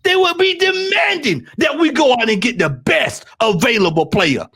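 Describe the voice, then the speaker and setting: A man with a Southern US accent rants heatedly as a football fan panelist. His voice sits high and swings widely, and he hammers his points by repeating them and raising his voice to shouts. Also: expressive, moderate pace, slightly rough. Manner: ranting, repetitive, rising to shouts.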